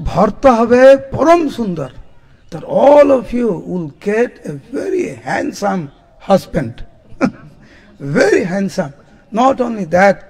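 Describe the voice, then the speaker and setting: A man, telling devotional stories as a spiritual teacher, animated and often laughing as he acts out what people said. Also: high-pitched. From India. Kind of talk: devotional storytelling lecture. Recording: long hall reverb.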